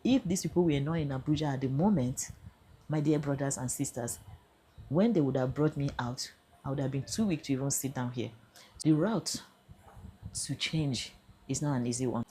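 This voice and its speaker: A woman's voice: rumbling low, moderate pace, dark tone, a little hiss or hum. An older Nigerian woman with a Nigerian accent earnestly recounting her own experience, slipping into Pidgin at times. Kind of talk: emotional first-person account.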